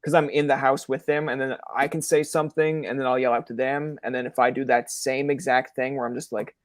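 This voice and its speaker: A man's voice: mid-range voice, a little fast, dry recording. Chatty young male podcast host. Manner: animated storyteller who acts out quoted lines. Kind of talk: casual chat. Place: room in his parents' house.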